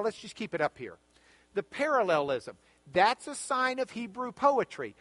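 Animated high-voiced man teaching Bible class. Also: dry recording. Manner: animated, emphatic teaching with repeated phrases. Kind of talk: Bible study lesson.

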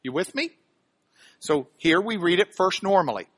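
A man teaching scripture with a high, bright voice. He hits key words with sudden loud emphasis, then drops into chatty asides that check whether listeners are following. His pitch swings widely as he talks. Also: lively intonation, normal speed, husky, no echo. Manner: dramatic, bursts of loud emphasis. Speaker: Bible teacher. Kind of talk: Bible teaching broadcast on radio.

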